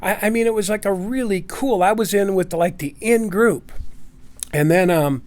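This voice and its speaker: A man's voice: sits high, normal speed, darkish tone. A middle-aged man casually telling a long personal story, rambling with many fillers and restarts.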